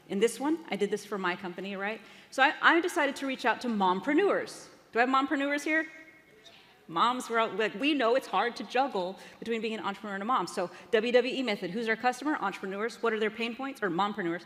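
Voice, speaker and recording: A woman's voice: a little high, expressive, quick pace, fairly bright tone. A woman giving an upbeat, chatty marketing talk from a conference stage, addressing the audience. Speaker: conference speaker. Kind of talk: live marketing presentation. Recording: reverberant hall.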